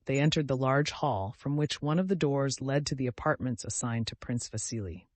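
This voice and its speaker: A man narrating a classic novel in a steady, measured audiobook reading. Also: medium pitch, no echo. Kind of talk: scripted narration.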